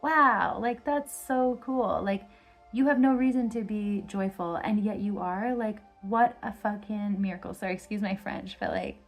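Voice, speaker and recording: A woman of medium pitch rambles through a tarot reading, stringing her thoughts together with endless fillers. She sounds effusive and enthusiastic. A faint bed of music sits behind her voice. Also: moderate pace. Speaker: tarot reader. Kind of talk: casual pick-a-card tarot reading.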